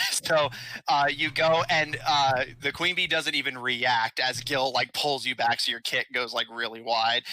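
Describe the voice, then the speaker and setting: Bright-voiced male game master. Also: mid-range voice, dry recording, low-quality recording. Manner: rambling, many fillers. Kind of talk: narrating a tabletop game.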